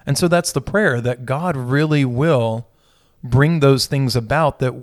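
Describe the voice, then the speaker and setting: A man's voice: medium pitch, unhurried, no echo, studio quality. A man who is a pastor, in a casual conversation about faith, thinking aloud and often correcting himself.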